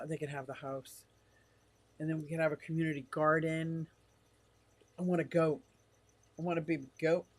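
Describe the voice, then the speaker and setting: An older man live-streaming from his fish room, rambling casually and reading comments from the chat aloud. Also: on the high side.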